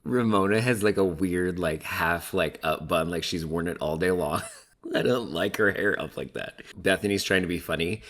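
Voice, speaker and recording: Man, very low register, casual gossipy recap host, filler-heavy. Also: normal speed, a bit bright. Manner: chatty, gossipy, heavy use of "like". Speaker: reality TV recap commentator.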